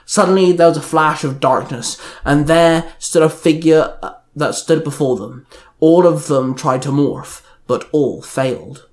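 A man's voice: on the high side, unhurried. A young man reading his own superhero fan story aloud, telling it plainly with small slips and raising his voice for the characters' lines. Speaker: fan fiction reader.

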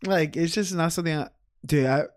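A man's voice: on the high side, fairly quick, no room sound, clean studio sound. A young man co-hosting a podcast, talking casually and profanely, laughing often and mimicking people. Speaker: podcast co-host. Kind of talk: casual chat.

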